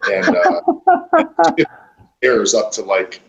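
A man, a pro wrestler guest, telling stories casually, swearing a lot and filling pauses with "uh". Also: medium pitch, wildly swooping pitch, creaky, lo-fi sound. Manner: profane, rambling with many fillers. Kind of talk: casual interview storytelling. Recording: roomy echo.

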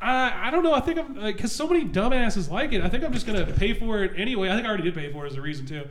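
A young man with a stuffy nose, co-hosting a casual podcast chat and telling profane, quick stories. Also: high-pitched, expressive, a little hiss or hum. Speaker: podcast co-host.

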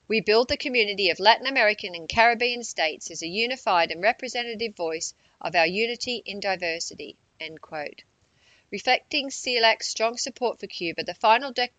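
A woman reading a political news report in a measured narration, with quotes read aloud. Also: medium pitch, sharp tone, dry recording, lo-fi sound.

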